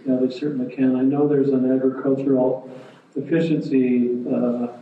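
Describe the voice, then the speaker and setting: A man explains water rules at a public meeting, speaking in a plain, measured way and often restarting his sentences. His delivery stays flat and even. The recording is muffled and very roomy, taken from a distance. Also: medium pitch, slight background noise.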